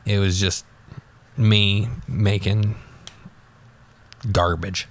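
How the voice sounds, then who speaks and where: A man's voice: fairly low pitch, level tone, extremely slow. A young man telling a personal story in a rambling, offhand way, swearing freely. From United States.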